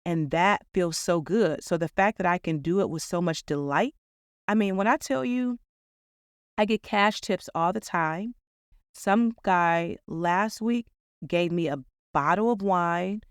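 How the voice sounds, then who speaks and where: Smooth-voiced woman hosting a podcast. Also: on the low side, unhurried, dry recording, studio quality. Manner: earnest, upbeat storytelling. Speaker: podcast host. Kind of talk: reflective podcast monologue.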